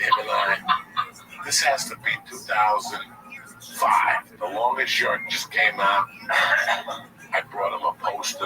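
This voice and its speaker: A man in his forties telling a long personal story as a guest, casual and profane, with animated delivery. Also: low voice. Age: 40s. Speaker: comedian guest. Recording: distant mic with loud background noise.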